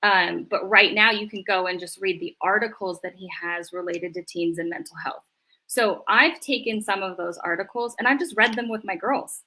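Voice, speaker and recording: Middle-aged woman therapist guest, lively and animated, crisp bright sound. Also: medium pitch, moderate pace. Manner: animated, acts out voices in quotes. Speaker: marriage and family therapist. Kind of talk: casual interview chat.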